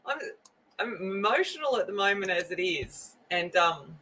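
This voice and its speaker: A woman's voice: lowish voice, lively intonation, moderate pace, bright, forceful tone, slight background noise, poor audio. A woman hosting a coloring livestream, chatting casually and greeting viewers by name. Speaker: livestream host. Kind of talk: casual chat while coloring.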